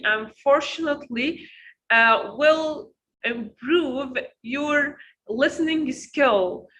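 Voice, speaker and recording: Slow, bright-voiced woman teaching pronunciation. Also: sits high, a little hiss or hum, poor audio. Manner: slow, repeats words to drill them. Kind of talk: online pronunciation lesson.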